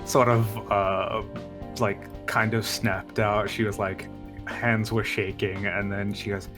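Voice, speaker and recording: A player in a tabletop role-playing game who talks in a slow, hesitant way. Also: deep voice, flat delivery, music in the background.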